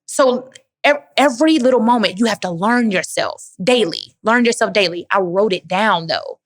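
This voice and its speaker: Speaking at a medium pitch and normal speed, a woman from Dallas, Texas, fields audience questions at a live motivational Q&A. Her delivery is emphatic and preachy, and she calls her listeners "baby."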